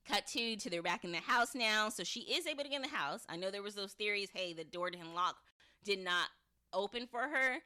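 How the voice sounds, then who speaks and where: A young woman hosting a podcast, giving a chatty, animated spoken review and acting out lines from the episode. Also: mid-range voice.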